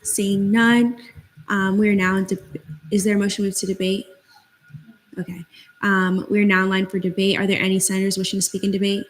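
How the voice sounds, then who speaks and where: A young woman chairing a student senate meeting, reading votes and calling speakers in a brisk procedural way. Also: medium pitch, little pitch movement.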